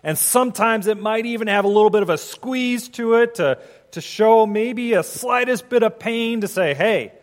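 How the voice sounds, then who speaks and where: A man's voice: sits high, moderate pace. A man, a hospital chaplain, giving a conversational sermon and acting out the prayers he quotes. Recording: long hall reverb.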